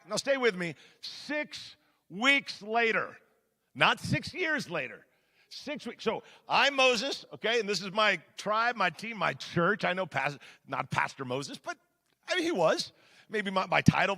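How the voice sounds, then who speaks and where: A man preaches to his congregation in a slightly high, gravelly voice with a bright, forceful edge. He talks in a conversational, emphatic way, dropping to a hush and then rising again. The sound rings with the long reverb of a large hall. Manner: conversational, emphatic, shifts between loud and hushed. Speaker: pastor. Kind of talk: sermon.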